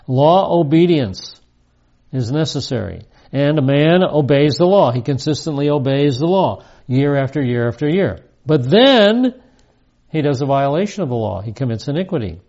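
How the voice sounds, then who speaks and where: A man's voice: fairly high pitch, very animated, normal speed, a little mellow. A man in his seventies teaching the Bible verse by verse, reading passages aloud and stressing key phrases emphatically. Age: 70s. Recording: dull lo-fi recording.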